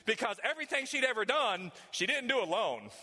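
A man preaching a sermon in a large church hall, swinging between loud emphasis and hushed tones. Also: very high voice, big pitch swings, a little fast. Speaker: pastor. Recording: long hall reverb.

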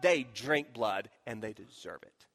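A man's voice: on the low side, animated, measured pace. Emphatic man preaching in a big hall. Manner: storytelling, emphatic, swings from loud to hushed. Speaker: pastor. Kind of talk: sermon. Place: church sanctuary. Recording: long reverb of a large hall.

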